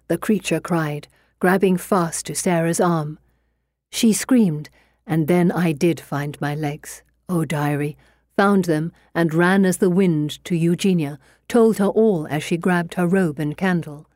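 A woman narrating an audiobook in an expressive storytelling way. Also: lowish voice, unhurried, dry recording, studio quality.

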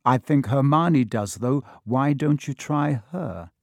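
A man voicing a quiet, defiant young schoolboy in a storybook reading. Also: mid-range voice, takes it slowly, no echo, studio quality. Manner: quiet and slightly cheeky.

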